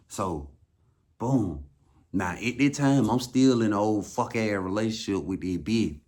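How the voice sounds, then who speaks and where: A man with an Atlanta Southern accent tells a story in a low, somewhat deep voice. His talk is loose and full of slang, and he leans on repeated words for emphasis. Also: unhurried, darkish tone. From Atlanta, USA. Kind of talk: casual storytelling.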